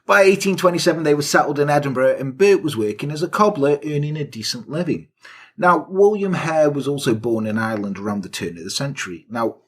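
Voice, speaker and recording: Husky joking male podcast host. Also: medium pitch. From England. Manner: swears a lot, jokey asides. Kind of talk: casual crude comedic chat.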